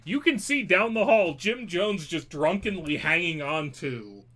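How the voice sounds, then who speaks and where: Bright, high-voiced man narrating as game master. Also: animated, unhurried. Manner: playful, profane, laughing while narrating. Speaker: dungeon master.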